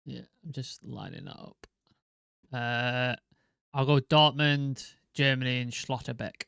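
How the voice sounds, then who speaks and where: Male co-host, bright and forceful, muttered asides and casual swearing. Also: mid-range voice, slow pace, vocal fry, smooth, no room sound, clean studio sound. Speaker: podcast co-host, quiz contestant. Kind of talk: casual chat.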